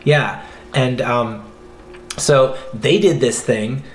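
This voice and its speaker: Animated Canadian man in a roomy room. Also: medium pitch, very slow, faint music behind. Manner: animated storyteller, mimics corporate scripts. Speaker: podcast host. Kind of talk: casual chat.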